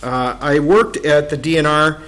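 A man in his fifties from Minnesota, giving folksy, halting testimony to a legislative committee, with many pauses and fillers. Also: a little high, a bit bright, poor audio. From Minnesota, USA. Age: 50s. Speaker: state agency commissioner.

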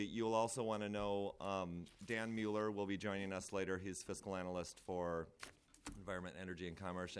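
A man's voice: low voice, a little hiss or hum. A man briefing a legislative committee as lead fiscal analyst, polite and orderly. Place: hearing room.

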